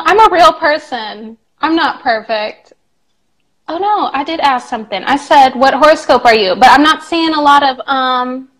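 Woman, young, English teacher, casual live-stream chat, affectionate, playful, high-pitched, slow-paced. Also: fairly bright tone, rough recording. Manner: chatty, affectionate, breaks into playful singing.

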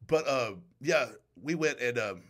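A man's voice: mid-range voice, a little slow, a bit bright. A young man chatting casually on a podcast, often stumbling and restarting his sentences. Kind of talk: casual chat.

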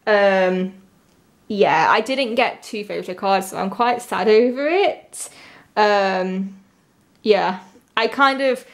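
A woman's voice: mid-range voice, a bit bright. A young woman chatting casually as she unboxes an album, gushing and full of "like" fillers, squealing when she gets a lucky pull.

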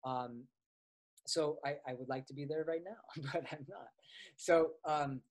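A man's voice: a little high, measured pace. A man teaching astrology in a casual, conversational way, with frequent fillers and restarts as he tells personal stories. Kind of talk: casual explanatory lecture.

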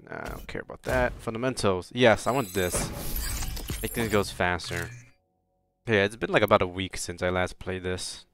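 A man's voice: sits low, moderate pace, gravelly, a little hiss or hum. Casual rambling man playing a game. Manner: rambling, swears, loud excited outbursts. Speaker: let's play host. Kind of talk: casual gameplay commentary.

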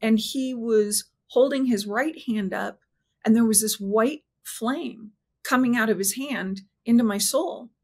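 A woman with a fairly high voice recounts a deeply personal experience. She speaks earnestly and haltingly, restarts her sentences and lets her voice slow and soften at the emotional points. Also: breathy edge. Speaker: interview guest. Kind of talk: personal storytelling.

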